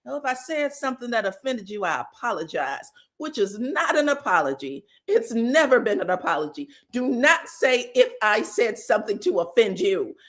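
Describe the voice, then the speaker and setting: A woman hosting a casual reality TV recap, animated and profane, acting out quotes with loud outbursts and laughter. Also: fairly high pitch, normal speed, few pauses.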